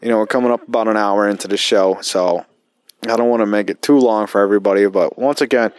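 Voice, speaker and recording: A man's voice: fairly low pitch, quick pace, a little mellow, smooth, no room sound. Male vet podcaster, casual swearing storyteller, dry close sound. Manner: profane, rambling, with frequent fillers. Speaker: podcast host, military veteran.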